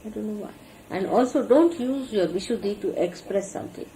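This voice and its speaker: Her mid-range voice is animated and dark-toned at a moderate pace, though the archival audio is poor and faintly hissy. As a spiritual teacher, she earnestly preaches proper behavior to followers, acting out each lesson with gestures.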